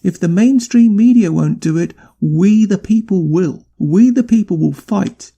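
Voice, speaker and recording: A man's voice: sits high, animated, measured pace, creaky, dark tone, slightly rough. A man hosting a podcast, delivering an indignant, emphatic political rant. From not from Canada. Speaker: podcast host. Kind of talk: angry political commentary.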